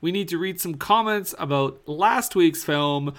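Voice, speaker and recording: A man's voice: on the high side, unhurried, fairly bright tone. A man hosting a comedy podcast, playing the dry, teasing straight man to his co-host's antics. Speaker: podcast host. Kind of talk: casual comedic podcast banter.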